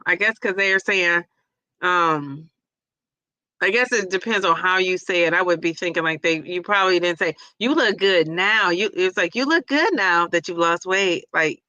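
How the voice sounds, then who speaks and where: Chatty lady hosting a livestream, bright voice, close and dry, laughs a lot. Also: lowish voice, no echo. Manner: chatty, reads viewer comments aloud, laughs easily. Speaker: livestream host. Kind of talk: casual livestream chat reading a quiz.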